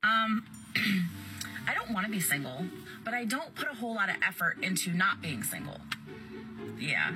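A woman's voice: mid-range voice, big pitch swings, normal speed, long pauses. A woman in her forties giving a rambling, self-deprecating monologue to camera. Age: 40s. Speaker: woman posting a video about dating. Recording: clip with loud music underneath.

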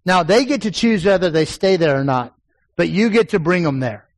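Preaching in a church sanctuary with a congregation present, this forties-aged pastor has a voice that sits high with lively intonation and a moderate pace. He shares folksy stories from his life and builds to emphatic points. Audio quality is poor.

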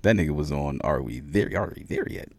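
A young man co-hosting a podcast, chatting casually and joking, slowing down to spell out names. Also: very deep voice, lively intonation, a little mellow, breathy edge, no echo. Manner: laid-back, joking, slow when reading out names. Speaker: podcast co-host. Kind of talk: casual chat.

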